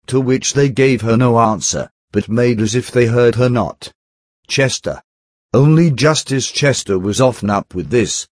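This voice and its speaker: A man giving a steady, measured narrated reading of an old text, reading out the speaker tags. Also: mid-range voice, dry recording, clean studio sound. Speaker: audiobook reader.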